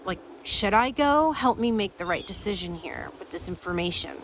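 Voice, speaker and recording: A woman quoting her husband as a remorseful grown man, halting and earnest. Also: medium pitch, expressive, slight background noise, lightly acted. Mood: pleading. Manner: halting, earnest, soft-spoken. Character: remorseful grown man apologizing to his wife.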